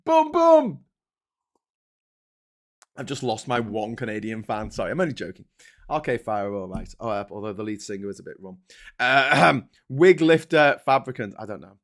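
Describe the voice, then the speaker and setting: A man's voice: lowish voice, brisk, pushed and bright. A man hosting a casual, sarcastic and exasperated commentary on newspaper front pages. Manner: sarcastic and exasperated, breaking into laughter. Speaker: host.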